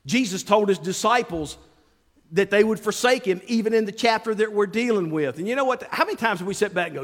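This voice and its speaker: A male pastor preaching an animated sermon to his congregation, acting out the quotes he tells and calling out to people in the pews. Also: high voice, quick pace. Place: church sanctuary. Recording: long reverb of a large hall.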